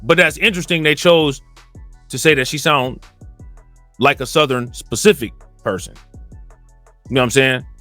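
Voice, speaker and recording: A man from Cleveland talking in a casual, rambling commentary monologue. He often repeats filler phrases and gets more animated when indignant. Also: medium pitch, normal speed, pauses often, dry recording, soft background music. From Cleveland, Ohio. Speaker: commentary channel host.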